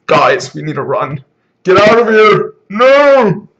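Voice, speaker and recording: A shrill, panicking anime dub hero, as a man parodies dubbed voiceovers, pitched far above a normal speaking voice and shouting lines with overblown drama. The sound is dull and lo-fi. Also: big pitch swings, slow, exaggerated voice. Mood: frantic. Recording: dull lo-fi recording.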